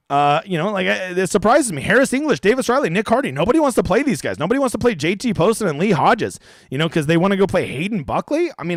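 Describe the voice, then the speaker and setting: A man's voice: high-pitched, dry recording. A man hosting a live stream of fantasy golf picks, talking in a brash, profane, joking way. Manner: brash, profane, jokey trash talk.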